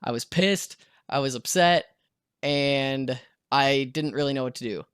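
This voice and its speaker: A man's voice: mid-range voice, measured pace, fairly bright tone, clean tone, no echo, clean studio sound. A young man telling a story in a casual storytime vlog, acting out what people said. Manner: casual storytelling, acts out quotes. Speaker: vlogger.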